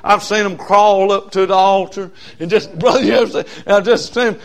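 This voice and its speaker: A man preaching a storytelling sermon, dropping to hushed asides and rising to shouted hollers. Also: high voice, steady tone, moderate pace.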